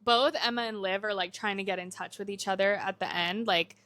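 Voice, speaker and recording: Bright-voiced woman cohost retelling a movie. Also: medium pitch, brisk. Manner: animated retelling, acts out movie lines. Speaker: podcast cohost. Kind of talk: casual chat.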